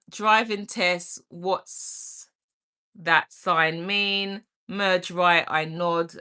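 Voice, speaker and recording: A woman's voice: on the low side, bright, forceful tone. A middle-aged woman hosting a casual livestream, reading chat aloud, greeting viewers by name and laughing often. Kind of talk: casual live-stream chat.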